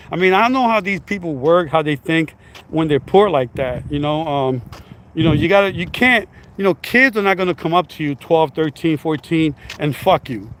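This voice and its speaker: Guy vlogging outside, kinda high voice, blunt and rambly, swears a lot, faint street noise. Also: a bit bright. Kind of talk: casual commentary.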